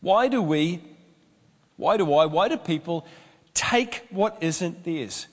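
High-pitched kiwi pastor guy preaching, jokey stories, big echoey hall. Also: lively intonation, slow pace. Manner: storytelling, humorous asides. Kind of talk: sermon.

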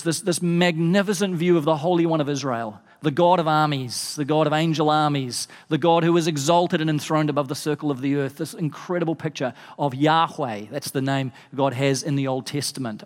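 Male pastor, relaxed sermon, slightly high voice, long church reverb. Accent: non-American English. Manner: casual, chatty, with frequent fillers and restarts. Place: church hall.

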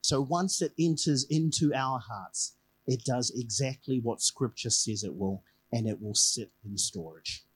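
Man, preacher, conversational sermon, mid-range pitch, repeats phrases for emphasis. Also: a little slow, husky, rough recording. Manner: animated storytelling, repeats key phrases.

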